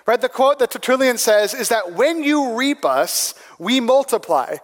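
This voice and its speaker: A man's voice: extremely high pitch, lively intonation, a little slow, in a large hall. A man preaching a sermon in a conversational way, often asking "right?" to a room with people present. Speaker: pastor.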